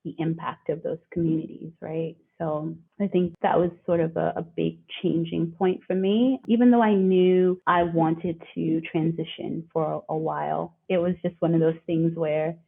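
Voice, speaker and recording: A woman talks through her story as an interview guest, earnest and reflective, slipping into brief quoted voices. Her voice sits a little low and sounds a touch husky. It comes over a narrow, phone-like remote line. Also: fairly even intonation, normal speed, few pauses. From living in Australia. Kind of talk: conversational interview. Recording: phone-like remote call audio.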